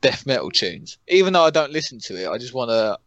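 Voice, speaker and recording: A young man co-hosting a podcast, chatting casually in a flat, monotone way. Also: medium pitch, fast, no room sound, highs cut off. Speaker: podcast co-host. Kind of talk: casual chat.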